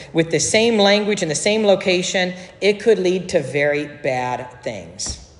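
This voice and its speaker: A pastor delivering a sermon, explaining scripture in a conversational way with joking asides. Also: mid-range voice. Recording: echoey hall with long reverb.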